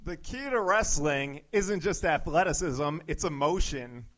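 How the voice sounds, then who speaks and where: A deadpan young bro who spins grandiose musings with total seriousness, as a man acts him out. He speaks very slowly in a high, bright voice. It plays as a dry improvised comedy caricature. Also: poor audio. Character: deadpan pseudo-philosophical young male bro.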